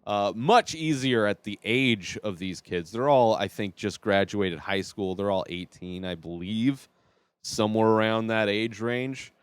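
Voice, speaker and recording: A man's voice: fairly low pitch, a little slow, clear, resonant tone, no echo. A man hosting a podcast, chatting casually and giving his opinions as he reviews a TV series. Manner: chatty and opinionated, thinking aloud.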